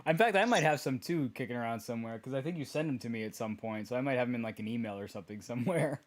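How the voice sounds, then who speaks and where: A man co-hosting a casual podcast, reacting with frequent laughter and quick jokes. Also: medium pitch. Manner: laughs often, short reactive interjections. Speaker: podcast co-host.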